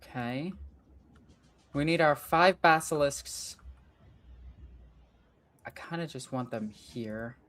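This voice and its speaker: A woman's voice: low voice, slow pace, pauses often. A woman hosting a gaming channel, talking to herself through a strategy game, frustrated and swearing as she plans her moves. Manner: frustrated, thinking aloud, swearing. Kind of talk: let's play commentary.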